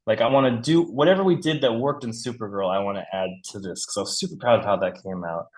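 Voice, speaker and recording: A man in his forties, a comic book writer talking as a guest in a casual interview, rambling and animated, swearing freely and laughing often. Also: fairly low pitch, fast talker. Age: 40s.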